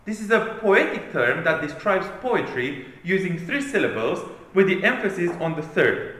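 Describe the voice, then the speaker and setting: Male preacher, high lively voice, emphatic sermon delivery, heavy room echo. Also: a little slow. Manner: emphatic, declamatory reading. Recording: very echoey room.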